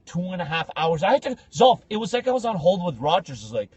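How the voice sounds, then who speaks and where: Young male co-host, husky, lively storyteller who does voices. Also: high-pitched, quick pace, dry recording, lo-fi sound. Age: young adult. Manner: animated, acts out voices in his stories. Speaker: podcast co-host. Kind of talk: casual storytelling chat.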